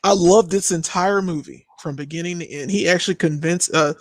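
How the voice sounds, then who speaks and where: A man co-hosting a movie review podcast in casual chat, enthusiastic and quick to chime in. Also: fairly high pitch, no room sound, clean studio sound. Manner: enthusiastic, quick agreeing interjections. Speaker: podcast co-host.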